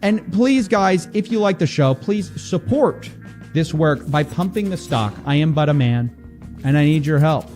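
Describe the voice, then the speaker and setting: A man's voice: on the high side, a little slow, soft background music. A man talking straight to camera as an investigative internet commentator, exasperated and a bit mocking. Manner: animated, exasperated, mocking quoted voices. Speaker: investigative YouTuber.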